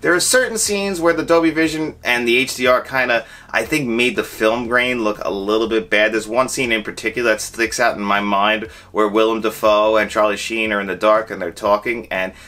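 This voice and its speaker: A young adult man talks through a film review in a casual, chatty way. His voice has a bright, forceful edge. He gets animated and acts out his own reactions as he goes. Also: on the low side, brisk, few pauses.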